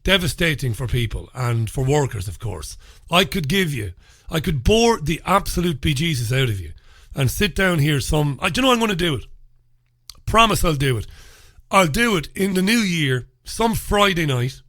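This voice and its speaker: A man's voice: fairly high pitch, very animated, moderate pace, a bit bright, no room sound, clean studio sound. A man with an Irish accent hosting a solo talk radio show, chatty and opinionated with informal asides. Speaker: radio host. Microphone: studio microphone.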